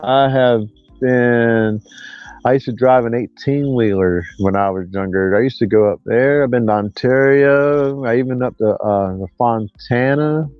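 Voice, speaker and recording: Sixties man, livestream host, mid pitch, meandering folksy talk, lo-fi mic. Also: a little slow, clean tone, no room sound, soft background music. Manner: rambling, drawn out, folksy. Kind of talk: casual livestream chat. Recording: dull lo-fi dry sound.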